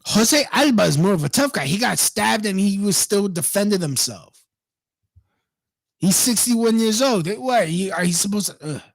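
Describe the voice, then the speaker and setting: A man's voice: high-pitched, lively intonation, moderate pace, creaky, no room sound. A man reading a news story aloud and ranting about it, profane and indignant, breaking off to mock the people in it. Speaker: online commentator.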